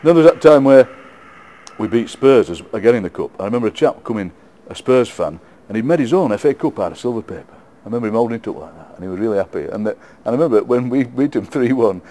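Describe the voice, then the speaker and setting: A middle-aged man with a Yorkshire accent, a poet being interviewed, telling lively football anecdotes with frequent laughs and repeated words. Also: medium pitch, fast talker, a little hiss or hum. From England. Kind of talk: casual storytelling interview.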